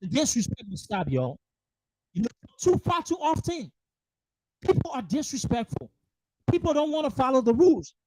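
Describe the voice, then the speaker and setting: Pitched high with big swings, this political livestream host speaks at normal speed with long pauses, the tone dark. The monologue is fierce, emphatic and profane, circling back to the same rhetorical questions repeatedly. The livestream mic gives a rough recording with no room sound.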